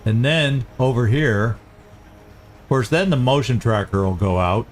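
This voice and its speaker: A man hosting a let's-play, chatting casually and thinking aloud as he plays, quick to laugh. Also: mid-range voice, animated, faint music behind. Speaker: gaming channel host.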